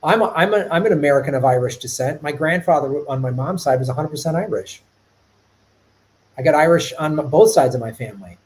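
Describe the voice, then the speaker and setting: A middle-aged man with a fairly high-pitched voice, hosting a casual live stream. He talks in an animated, rambling way, restarting his sentences often. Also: fairly quick, rough recording. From Chicago. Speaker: podcast host.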